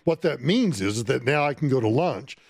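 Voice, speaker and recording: A middle-aged male radio host with a gravelly, fry-tinged voice that swoops all over the place. He talks in an excitable, stammering rush, repeating words as he goes. The studio sound is close and dry. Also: mid-range voice, a little fast, no echo. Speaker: radio talk show host. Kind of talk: call-in talk radio. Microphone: studio microphone.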